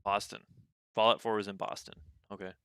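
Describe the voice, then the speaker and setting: A man co-hosting a podcast in casual chat, laid-back and often trailing off quietly. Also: on the low side, little pitch movement, brisk, clean tone, no echo. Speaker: podcast co-host. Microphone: podcast studio mic.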